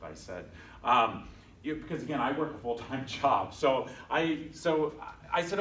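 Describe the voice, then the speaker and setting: A guest speaker in a bank's conference room tells a class his story, chatty and self-deprecating, acting out the people he quotes. His medium-pitched voice is animated and a bit bright at normal speed, but it sounds distant and echoey, picked up from across the room over a faint hum.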